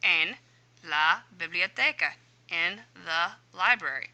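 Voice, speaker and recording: Bright-voiced woman teacher talking through answers. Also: medium pitch, moderate pace, low-quality recording. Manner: chatty, talks herself through each step aloud. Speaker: Spanish teacher. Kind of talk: explaining a homework answer key.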